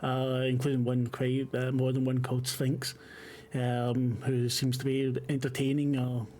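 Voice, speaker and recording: A man running a horror tabletop game as game master, setting scenes in a halting, descriptive way. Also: mid-range voice, completely flat delivery, darkish tone. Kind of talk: narrating a horror tabletop game over a call.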